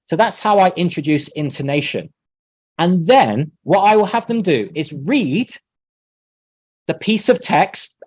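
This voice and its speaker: A man leading an online teacher-training workshop, explaining in a relaxed way and acting out sample lines. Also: a little high, no echo.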